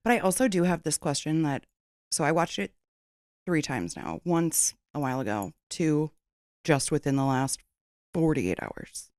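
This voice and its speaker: A woman's voice: deep voice, very animated, moderate pace, darkish tone, no echo, studio quality. A woman co-hosting a casual podcast, teasing and swearing freely. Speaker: podcast co-host.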